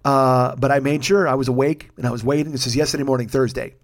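A middle-aged man talks into his podcast mic in a quick, tumbling rush. His storytelling is casual, crude and full of self-mockery, and it wanders from point to point. His voice sits at an ordinary middle pitch. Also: fairly even intonation. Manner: profane, self-deprecating, rambling. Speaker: podcast host. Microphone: studio microphone.

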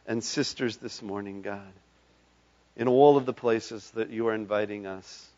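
A man's voice: on the low side, fairly even intonation, unhurried. Fervent male pastor, lo-fi church recording. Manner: fervent, rising to loud impassioned calls. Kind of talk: altar call and closing benediction. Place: church sanctuary.

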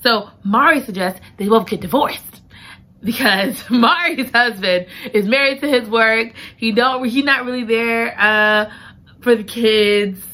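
A woman recaps a story in a chatty, slangy way, tossing in playful asides. Her voice is bright and forward and sits a little high. She sounds like she is talking to a camera at home. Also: a little slow. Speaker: storyteller retelling a show. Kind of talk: animated storytime chat.

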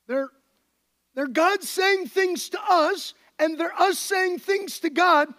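A male pastor giving a conversational, animated sermon to his congregation. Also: extremely high pitch, slow.

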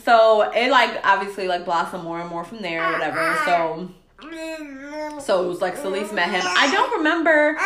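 A woman's voice: fairly low pitch, roomy sound, background noise. A woman in her thirties chatting casually about her relationship, laughing often and acting out what people said. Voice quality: laughing, emotional storytelling, acts out quotes. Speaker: podcast guest telling her love story. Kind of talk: casual chat.

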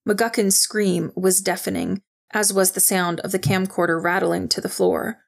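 A woman reading a novel aloud in steady, even storytelling narration. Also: mid-range voice, normal speed, creaky. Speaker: audiobook narrator. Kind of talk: scripted narration.

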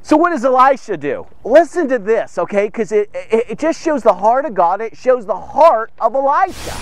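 In a casual Bible lesson for a devotional podcast, a man talks at a moderate pace in an extremely high voice, with no echo on the recording. He animatedly plays out the people in the story and keeps checking in with "okay?" and "here's the thing."

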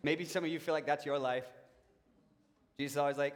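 A young adult man preaching a sermon, telling stories about himself in a relaxed, joking way. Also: a little high, brisk. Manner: conversational, self-mocking storytelling. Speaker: pastor. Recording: long reverb of a large hall.

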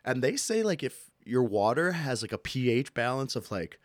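On his casual solo podcast, a man with a medium-pitched voice launches into jokey rants about ordinary frustrations. He's animated and quick to yell bits, recorded dry in a clean studio.

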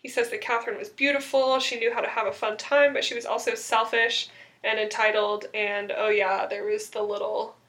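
A woman's voice: on the high side, little pitch movement, fairly quick, fairly bright tone. A young woman chatting casually, recapping a TV episode and acting out quotes with sarcasm.

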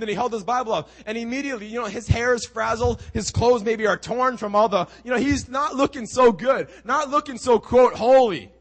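A man preaching a sermon as an animated story, acting out the lines of the people in it. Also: very high-pitched, brisk, few pauses. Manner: animated, acting out quoted dialogue.

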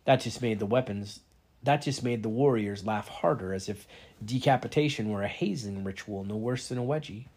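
A man's voice: fairly low pitch, normal speed, a little mellow, breathy edge. A man reading a novel aloud, narrating steadily in the first person. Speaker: reader.

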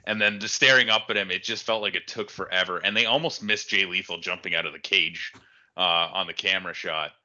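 A man's voice: low-pitched, fairly even intonation, fairly quick, bright, forceful tone, lo-fi sound. A man co-hosting a podcast, giving blunt, profane takes on wrestling matches. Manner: blunt, profane, laughs often. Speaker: podcast co-host. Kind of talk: casual wrestling review chat.

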